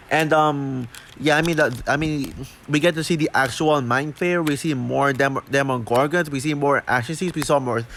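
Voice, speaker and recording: A man talking through a show review off the cuff, halting with many fillers and restarts, short of breath. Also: medium pitch, a bit bright, a little hiss or hum. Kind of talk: unscripted review talk.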